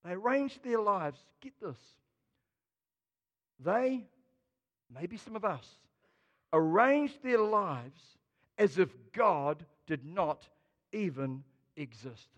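A man with a notably high voice preaches a sermon, moving between hushed asides and forceful emphasis. His words ring out with a long reverb, as if in a church. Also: takes it slowly, pauses often, muffled recording. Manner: expressive preaching, swinging between quiet and loud. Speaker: pastor.

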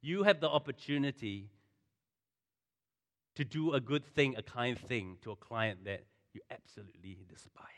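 A pastor giving a sermon in a conversational, animated way, full of asides and storytelling. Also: male voice, lowish voice. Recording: long hall reverb.

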